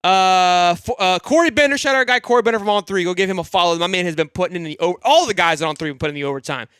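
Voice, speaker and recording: Excitable high-voiced male sports streamer. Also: very fast, smooth, no echo, clean studio sound. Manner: excitable, rambling, swears freely, swings from loud hype to low grumbling. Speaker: sports podcast host. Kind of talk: live-stream fan sports talk.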